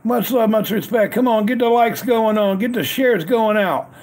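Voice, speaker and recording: His voice is high-pitched and a little mellow, moving at a normal pace. He's a man running a relaxed live stream from a grill outside on a cold day, repeatedly greeting chatters by name with the same upbeat lines.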